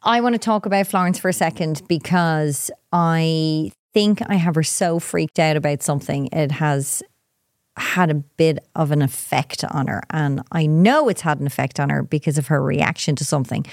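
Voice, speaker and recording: A woman co-hosting a podcast, telling a story in a lively, blunt, unfiltered way. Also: normal speed, no echo, clean studio sound. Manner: animated storyteller, jumps into high voices for quotes. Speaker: podcast co-host. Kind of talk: casual chat.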